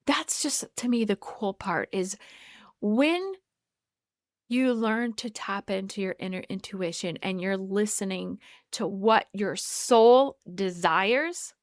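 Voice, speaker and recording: A woman hosting a solo wellness podcast, talking in an earnest, halting way with many restarts. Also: mid-range voice, dry recording, studio quality. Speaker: podcast host. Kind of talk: reflective solo podcast monologue.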